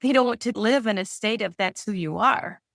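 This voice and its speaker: A woman coach chatting earnestly on a podcast, her thoughts spilling out in rambling runs. Her mid-range voice carries a gravelly fry, and the recording is dry and close. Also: medium pitch, normal speed, fairly bright tone, dry recording. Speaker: mindset coach guest. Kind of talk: casual conversation.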